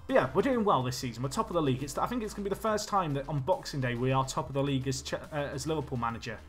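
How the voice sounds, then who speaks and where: A man streaming a football management game, chatting nervously and swinging between low mutters and panicked yelling. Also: expressive, very fast, faint music behind. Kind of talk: live game commentary.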